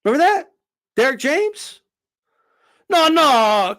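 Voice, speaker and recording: A man giving a casual, animated opinion rant as a boxing commentator, profane and full of fillers. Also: high voice, moderate pace.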